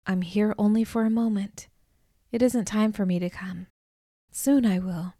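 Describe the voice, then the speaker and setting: A woman voicing a calm, loving male divine figure who speaks softly, with gentle authority. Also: a little slow, no echo, clean studio sound. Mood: gentle, authoritative. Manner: soft, low and hushed.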